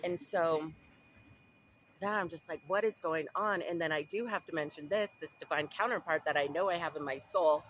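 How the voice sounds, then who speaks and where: A woman's voice: low voice, moderate pace, a little hiss or hum, rough recording. A young woman from Southern California, talking in a rambling, casual way about her spiritual journey, with many restarts and asides. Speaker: vlogger. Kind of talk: casual spiritual diary talk.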